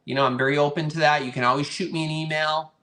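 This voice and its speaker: A chatty, friendly man runs a live online vintage sale, his voice sitting a little higher than most men's. He talks casually to his viewers and keeps thanking them. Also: steady tone, fast, bright, forceful tone. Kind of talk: casual live-stream chat.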